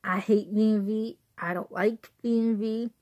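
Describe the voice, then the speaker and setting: Her voice is mid-range and warm, with fairly even intonation and an unhurried delivery. This young vlogger from suburban Chicago, Illinois, gives a rambling, chatty movie review into her phone, laughing a lot along the way.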